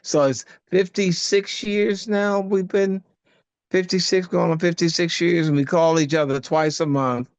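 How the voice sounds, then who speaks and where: A man's voice: high-pitched, steady tone, unhurried, clear, resonant tone, dry recording, dull audio. An older man, a guest actor, telling stories in a casual interview, rambling and searching for words, laughing often. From United States.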